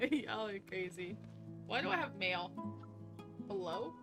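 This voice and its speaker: A woman in her twenties streaming a game, bantering playfully and giggling while she defends herself. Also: medium pitch. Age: 20s. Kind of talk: casual live game stream.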